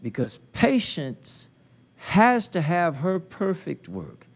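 A man preaching a sermon at a conference into a handheld mic, building to loud emphatic call-and-response peaks with folksy, colloquial phrasing. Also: sits high, huge pitch swings, slow pace. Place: conference hall.

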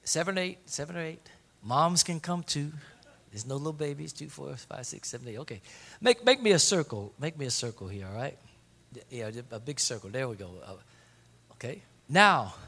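A man preaching a sermon to his congregation, emphatic, repeating key phrases and slowing down to stress them. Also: mid-range voice, fairly bright tone. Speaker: pastor. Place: church service before a congregation.

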